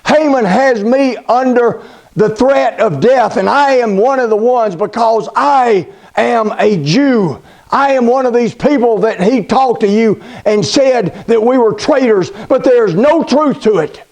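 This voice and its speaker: Man playing a tearful queen, pleading, high-pitched, sermon retelling. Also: measured pace, a little mellow. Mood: accusing. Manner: pleading, accusing.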